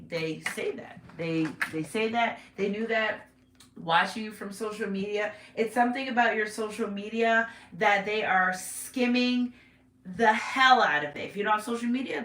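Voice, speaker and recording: Bright-voiced woman doing a rambling tarot reading. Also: medium pitch, far from the mic. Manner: rambling, self-interrupting, emotional. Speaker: tarot reader. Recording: roomy echo, voice off-mic.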